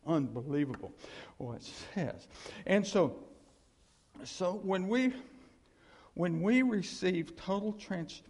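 Male pastor, high voice, rambling conversational sermon, echoing church hall. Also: lively intonation, takes it slowly, pauses often. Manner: conversational, rambling, with sudden loud rises.

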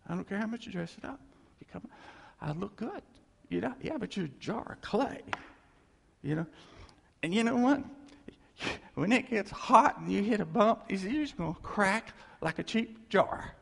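Male preacher, lively and chatty with the congregation, husky gravelly voice, long hall reverb. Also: sits high, moderate pace. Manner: animated, jokey, talks straight to the congregation. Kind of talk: conversational sermon.

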